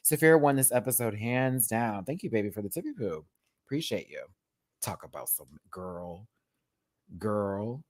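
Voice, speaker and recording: This live reaction show host from Houston speaks with a lowish voice and lively intonation. His casual stream commentary is sassy and campy, peppered with quick asides and frequent laughs.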